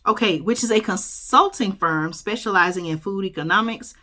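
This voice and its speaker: A YouTube host reads a news article aloud in a medium-pitched, sharp voice at a moderate pace, commenting as she goes. She's chatty and casual, keeps tacking on "okay?" and "y'all," and stumbles before correcting herself.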